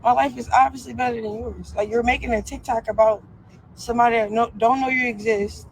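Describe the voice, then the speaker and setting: A woman's voice: on the high side, fairly even intonation, a little fast, a little hiss or hum, poor audio. A young woman ranting on a live stream, defiant and profane, full of fillers. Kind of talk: casual live-stream rant.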